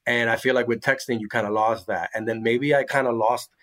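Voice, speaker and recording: A man's voice: mid-range voice, fairly even intonation, brisk, a bit bright. A man guest-hosting a podcast, chatting casually and animatedly, often slipping into baby talk. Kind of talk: casual chat.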